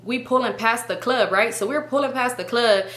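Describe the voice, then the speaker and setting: A woman's voice: on the high side, normal speed, a bit bright. A woman hosting a storytime video, telling a story in a casual, slangy and profane way and acting out what people said. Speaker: storytime channel host. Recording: roomy echo.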